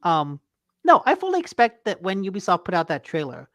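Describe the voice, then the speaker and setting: A man's voice: sits high, huge pitch swings, fairly quick, a bit bright, no echo. A man co-hosting a casual gaming news podcast, joking and laughing easily. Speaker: co-host.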